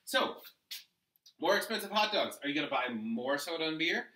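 A man teaching an economics lesson, explaining step by step with rhetorical questions and lively emphasis. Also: on the high side, normal speed, reverberant, far from the mic, low-quality recording. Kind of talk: economics lecture while drawing graphs.

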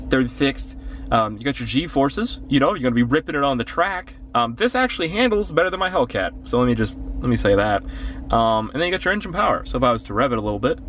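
A man's voice: mid-range voice, fairly bright tone, a little hiss or hum. A young man from Canada rambling casually through a walkthrough of his car, swearing freely and apologizing often. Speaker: gaming vlogger. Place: inside a parked car.

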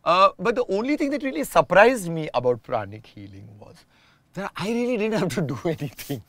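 Guy musing out loud in a chat, bit high-pitched, dry close sound. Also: sing-song, brisk, no echo. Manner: reflective, explains at length with restarts. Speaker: guest. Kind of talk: casual conversation.

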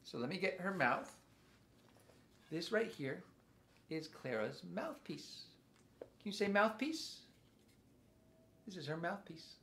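A man's voice: sits high, very animated, slow, long pauses, a bit bright, slight background noise. A man leading a playful interactive music lesson for young children, coaxing them to join in with a sing-song delivery.

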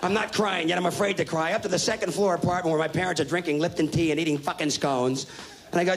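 A man in his thirties doing stand-up comedy, telling a profane story in a brash, rapid-fire way with shouted punchlines, on a live stage. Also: sits high, a little hiss or hum.

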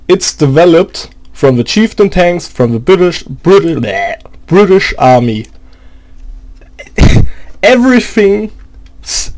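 A man's voice: on the high side, darkish tone. A man with a German accent, speaking English as a second language, delivers a profane, exasperated, sarcastic rant about a game. He often halts and hunts for English words. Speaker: gaming video creator. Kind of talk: angry gaming rant.

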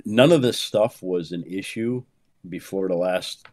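A man's voice: a little slow, no echo. Emphatic pastor in his fifties, dry sound. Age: 50s. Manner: emphatic, swings from low murmurs to loud high exclamations; peppers speech with "man", repeats words for emphasis. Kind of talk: animated conversational preaching.

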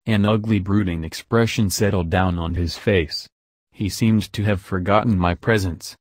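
A man narrating an audiobook in an even, measured reading voice. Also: low voice, dry recording, clean studio sound. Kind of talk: scripted narration.

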